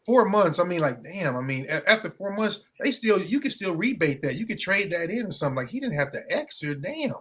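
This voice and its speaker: A man's voice: high voice, sing-song, fairly quick, hardly any pauses, a bit bright, breathy edge. A man co-hosting a casual podcast, trading crude jokes and swearing freely. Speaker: podcast co-host. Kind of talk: casual chat.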